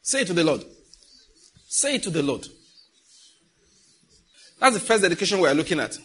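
A middle-aged Nigerian pastor preaches in an easy, conversational way, dropping into pidgin asides. His voice sits a little high and sounds bright and forceful. It carries a husky, slightly rough edge. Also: very animated, normal speed. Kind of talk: sermon.

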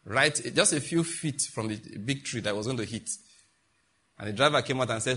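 A middle-aged man from Africa preaching a sermon as a pastor, emphatic and mocking, with sudden loud outbursts. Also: mid-range voice, moderate pace, breathy edge.

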